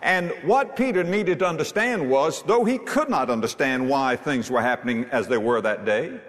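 Man preaching a sermon, lively pitch swings. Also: normal speed, big-room sound. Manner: preacherly, swings between soaring high emphasis and low hushed tones.

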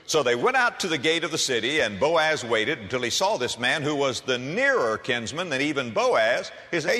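A man's voice: mid-range voice, very animated, normal speed, hardly any pauses, pushed and bright. A man preaching a sermon in a folksy storytelling manner, with humor, addressing listeners as friends. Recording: reverberant hall.

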